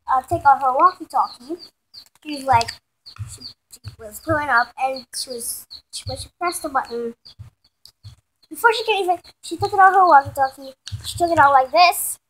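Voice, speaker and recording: Brief: high, unhurried woman, loose rambling storyteller. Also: fairly bright tone. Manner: rambling, restarting, self-correcting. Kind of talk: improvised spoken story.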